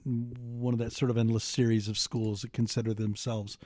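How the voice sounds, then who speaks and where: A man's voice: mid-range voice, flat delivery, moderate pace, a little mellow, no echo. A middle-aged man, a podcast co-host, talking through a film casually with lots of ums and restarts. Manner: rambling, many fillers and restarts.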